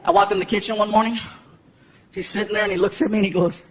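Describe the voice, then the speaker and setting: A stand-up comedian telling an animated story and laughing along as he acts out scenes on stage. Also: high voice, fast talker, slight background noise. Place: large live comedy venue. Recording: echoey hall with loud crowd laughter.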